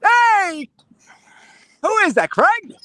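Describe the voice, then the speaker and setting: A performer voicing a shrill, brash male caller who yells to his partner at home. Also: sing-song, drawn-out words, dry recording, studio quality, heavily acted. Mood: chummy.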